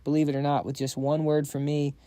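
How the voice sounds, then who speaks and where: A man's voice: a little high, monotone, a little fast, dark tone, clear, resonant tone, dry recording, studio quality, natural voice. A man voicing a proud, powerful middle-aged father who speaks bossy and blunt. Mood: commanding.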